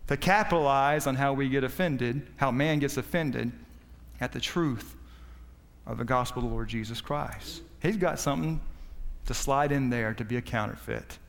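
A man preaching a sermon with passion, his voice swinging between loud high peaks and low quiet stretches. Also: normal speed, creaky, long reverb tail. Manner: impassioned, rising and falling in pitch and volume.

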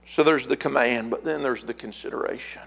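A middle-aged man preaching a fiery sermon as pastor, building to shouted repeated words. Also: mid-range voice, a little fast, creaky, breathy edge.

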